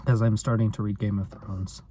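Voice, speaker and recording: Low, mellow-voiced man chatting casually. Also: flat delivery, a little fast, a little hiss or hum. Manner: rambling, self-deprecating, lots of filler likes. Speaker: vlogger. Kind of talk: casual vlog chat.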